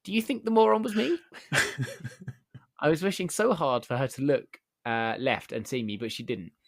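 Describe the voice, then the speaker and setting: A male podcast host telling a story in a casual, deadpan and amused way, with casual swearing. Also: medium pitch, moderate pace, gravelly, dry recording, clean studio sound.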